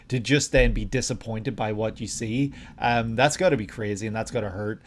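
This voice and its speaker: A man's voice: on the low side, normal speed, hardly any pauses. A man hosting a reaction video, thinking aloud in casual commentary with frequent hesitations.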